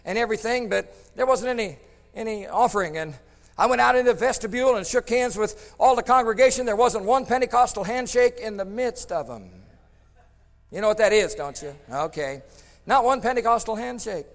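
A man preaching a storytelling sermon, swinging between loud emphatic bursts and hushed tones. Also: high voice, brisk, in a large hall.

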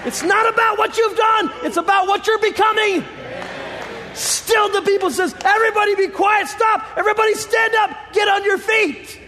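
High-voiced man preaching in an echoing hall. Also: fairly even intonation, normal speed, some chatter behind. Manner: shouting, rising fervor with quiet low stretches. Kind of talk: sermon. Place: church sanctuary. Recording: long hall reverb, faint congregation.

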